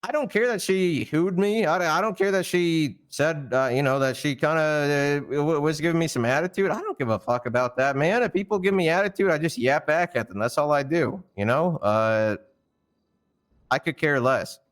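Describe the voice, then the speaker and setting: In a roleplay stream, a man with a somewhat high voice heatedly explains why he fired someone, speaking at a normal speed. Fired-up and indignant, he rambles, stammers and swears often.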